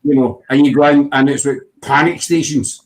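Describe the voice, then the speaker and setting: A man's voice: medium pitch, steady tone, normal speed, rough recording. A man chatting casually as host, rambling through stories and saying "you know" a lot. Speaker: podcast host. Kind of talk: casual chat.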